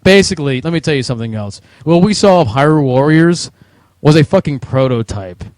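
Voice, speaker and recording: His voice is a little high, darkish and expressive, and he talks a little fast in a dry recording. He's a podcast co-host with a New Jersey accent, ranting about video games in heated, sweary, mocking chat.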